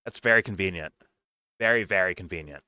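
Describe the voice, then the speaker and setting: A man's voice: low voice, a little fast, bright, forceful tone, no echo. A man co-hosting a casual political commentary show, talking bluntly and sarcastically with frequent swearing. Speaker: podcast co-host.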